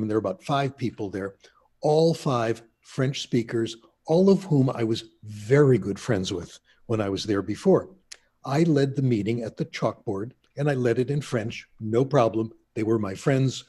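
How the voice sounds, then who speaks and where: A man's voice: mid-range voice, moderate pace, warm tone, husky. An older man, a linguist being interviewed, telling anecdotes in a chatty, casual way. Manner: chatty anecdotal storyteller, laughs at himself. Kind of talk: casual storytelling.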